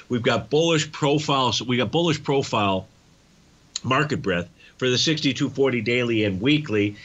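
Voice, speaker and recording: Male trading-show host, methodical chart talk, mid-pitched voice, slightly lo-fi recording. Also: a bit bright. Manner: methodical, walks through chart levels with frequent fillers. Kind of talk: live market chart commentary.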